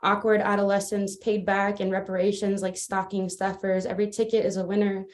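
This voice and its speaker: Woman poet, spoken word, flat even read, via video call. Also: medium pitch, fairly quick. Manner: steady, even recitation with little rise and fall. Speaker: open mic poet. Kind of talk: spoken word poetry performance. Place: remote, joining from afar.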